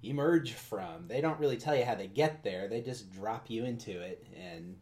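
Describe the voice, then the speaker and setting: A man's voice: fairly low pitch, expressive, moderate pace, a little mellow. A man co-hosting a casual book podcast, joking with dry sarcasm. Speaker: podcast co-host.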